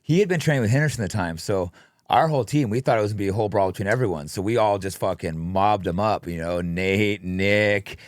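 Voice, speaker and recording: Male podcast host, fast and blunt, lower voice. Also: no echo. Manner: blunt, matter-of-fact, profane. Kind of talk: casual podcast chat.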